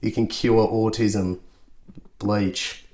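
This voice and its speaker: A man's voice: lowish voice, fairly even intonation, darkish tone. A man, co-hosting a podcast in casual, laughing banter. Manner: laughing, quick to react, loose banter. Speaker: podcast co-host. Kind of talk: casual chat.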